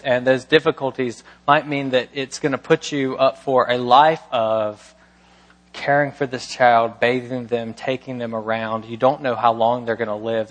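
A man delivering a sermon from the pulpit, with a voice pitched in the ordinary middle range. He builds his points with rhetorical questions and presses them emphatically, rising in intensity as he teaches. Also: in a large hall. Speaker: pastor.

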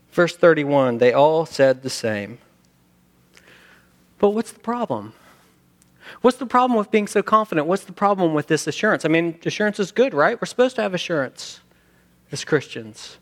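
Animated man preaching a sermon. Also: on the high side, normal speed, long pauses. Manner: animated, acts out quotes, sings hymn lines. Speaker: pastor.

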